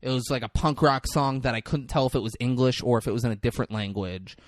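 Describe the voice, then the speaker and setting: Man, podcast co-host, animated movie recap, middle pitch, dry close sound. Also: fast, dry recording. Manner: animated retelling, acting out characters in quotes. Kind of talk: casual movie recap chat.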